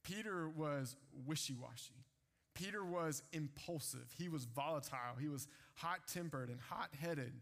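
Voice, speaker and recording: A man's voice: fairly high pitch, a little slow, a bit bright. A man preaching a sermon, retelling scripture in casual everyday speech. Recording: long hall reverb.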